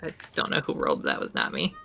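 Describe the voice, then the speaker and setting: A woman with a low voice speaks as a player in a tabletop game. She chats and grumbles in character. Faint music plays behind her. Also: huge pitch swings, quick pace, creaky, sharp tone.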